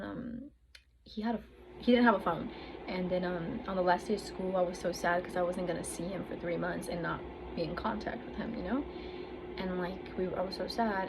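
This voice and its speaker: Chatty young woman, noisy background. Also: on the low side. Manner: rambling, many fillers, acts out her own past thoughts. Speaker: vlogger. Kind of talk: casual personal storytelling. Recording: noticeable background noise.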